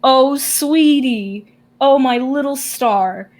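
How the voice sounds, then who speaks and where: A woman voicing a huge, doting grandmother super mutant who speaks in a slow, cooing, affectionate way. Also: fairly high pitch.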